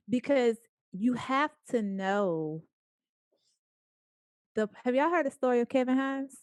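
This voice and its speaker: A woman speaker telling a story to a small group in a lively, playful way, acting out the lines of the people in it. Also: medium pitch, takes it slowly, clear, resonant tone, no room sound, clean studio sound. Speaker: guest speaker.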